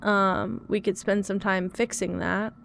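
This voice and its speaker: A woman's voice: medium pitch, fairly even intonation, a little slow, creaky, fairly bright tone, slight background noise. A young woman streamer chatting casually to her viewers, frustrated and self-critical as she talks through her troubles. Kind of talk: casual live-stream chat.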